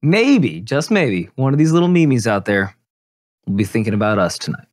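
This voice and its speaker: Animated, joking podcast host, a man. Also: medium pitch, normal speed. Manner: joking, crude, playful. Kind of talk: casual chat.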